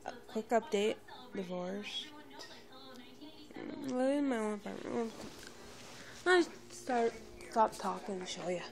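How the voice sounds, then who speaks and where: A woman vlogging casually to her camera, rambling with many fillers and restarts in a fairly monotone voice. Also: medium pitch, takes it slowly, creaky, long pauses, a crowd in the background. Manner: monotone, by her own account; quiet, subdued and near a whisper. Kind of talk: casual home vlog talk.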